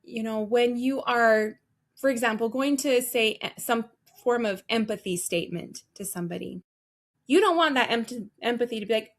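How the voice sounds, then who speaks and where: A woman coaching listeners on how to sound on the phone. Her voice sits a little on the high side, and she talks with energy and plenty of emphasis, like a trainer explaining her craft in an interview. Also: normal speed. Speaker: guest, customer service voice trainer. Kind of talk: podcast interview answers.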